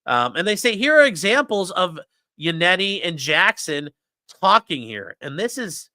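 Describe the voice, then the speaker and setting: A man hosting a casual livestream, ranting in a profane, sarcastic way. His voice is bright and sharp, fairly high, and swings widely in pitch. The sound is dry and close. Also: very animated, a little slow, no echo. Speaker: host.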